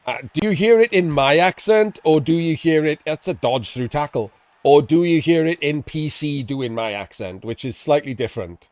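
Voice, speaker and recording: A man casting a live tabletop-style video game match, chatty and excitable, laughing and swearing casually as he explains the plays. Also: a little high, normal speed, few pauses, no echo. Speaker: esports commentator.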